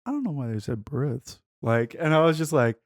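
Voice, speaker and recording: A man's voice: on the high side, very animated, normal speed. A man co-hosting a podcast, telling rambling stories in casual chat with lots of fillers and quoted asides. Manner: rambling storyteller, many fillers and mimicked quotes. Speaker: podcast co-host.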